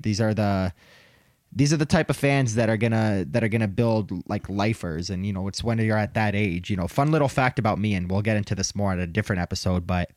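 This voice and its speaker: A man co-hosting a sports podcast in casual chat, telling stories with lively impressions and laughter. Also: fairly low pitch, dry recording, clean studio sound. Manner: animated storyteller, mimics players with laughter. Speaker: podcast co-host.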